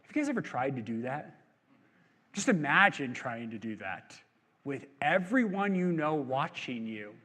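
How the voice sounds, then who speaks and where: A man's voice: medium pitch, big pitch swings, a little slow, bright, forceful tone, in a large hall. A male pastor preaching a sermon in a church, in a conversational, joking way that asks the crowd questions. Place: church sanctuary.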